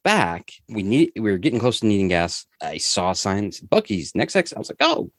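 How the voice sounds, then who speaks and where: A man's voice: on the low side, sing-song, normal speed, no room sound, clean studio sound. A man co-hosting a podcast, telling a long rambling story in casual chat and laughing as he goes. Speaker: podcast co-host.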